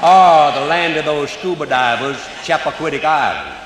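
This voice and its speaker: A man's voice: on the high side, expressive, normal speed, a loud crowd, heavy background noise. Older Cajun man telling folksy stories. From Louisiana. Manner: drawling folksy dialect with broken grammar. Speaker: storyteller. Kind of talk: live comedy storytelling. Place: stage before a live audience. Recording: roomy hall, faint audience ambience.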